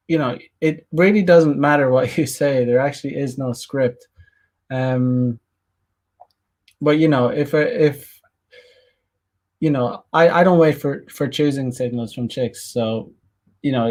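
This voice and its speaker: A man's voice: mid-range voice, a little mellow. A man talking casually to camera, rambling and restarting his sentences, stuffing them with fillers as he tells dating stories. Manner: halting, full of fillers and restarts. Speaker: dating coach vlogger. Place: Japan.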